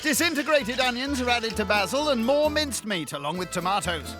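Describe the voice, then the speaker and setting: A man narrating a cooking competition in a dry, deadpan voice-over full of sarcastic quips. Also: extremely high pitch, fairly quick, over music.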